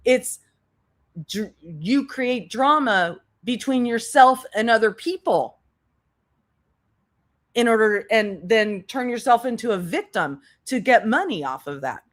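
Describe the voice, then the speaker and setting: Slow-talking, sarcastic woman commentator. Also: fairly high pitch, lively intonation. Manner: blunt, sarcastic, addresses the subject directly. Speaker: commentary youtuber. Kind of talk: commentary over clips.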